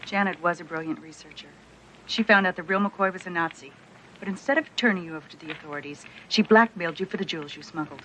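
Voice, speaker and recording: An actress playing a sharp, level-headed female police detective who talks in a reasoned, insistent way. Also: fairly low pitch, fast, slight background noise, poor audio.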